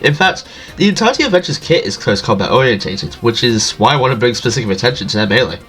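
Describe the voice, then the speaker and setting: A man's voice: medium pitch, expressive, quick pace, fairly bright tone, soft background music. A man with a nasal, allergy-stuffy voice reading a scripted gaming guide as a voice-over, jokey and self-deprecating. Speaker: video game guide creator.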